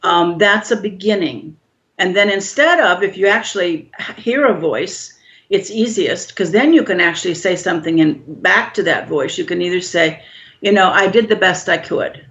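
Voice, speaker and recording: A woman guest explaining emotional healing in a calm, measured, gently instructive way. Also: on the low side. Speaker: guest expert on healing shame. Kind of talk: explanatory interview answers. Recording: dull lo-fi audio.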